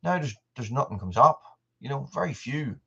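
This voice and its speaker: A man's voice: medium pitch, animated, moderate pace, creaky, pushed and bright, husky, highs cut off. Rambling Irish man chatting on a livestream. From Ireland. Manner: rambling, answers viewer comments by name. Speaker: channel host. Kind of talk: casual livestream chat.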